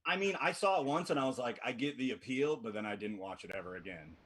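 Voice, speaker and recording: Husky guy comic from tacoma, lively up-and-down voice, easygoing. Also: mid-range voice, fast talker. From Tacoma area, Washington. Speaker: comedian guest. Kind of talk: casual comedic chat.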